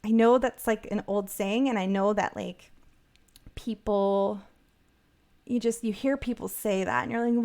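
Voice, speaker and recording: A middle-aged woman co-hosting a casual podcast chat. She talks in an upbeat, rambling way, full of "um"s and restarts, at an everyday mid pitch. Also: fairly even intonation, normal speed. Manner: chatty, upbeat, many fillers and restarts. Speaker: podcast co-host.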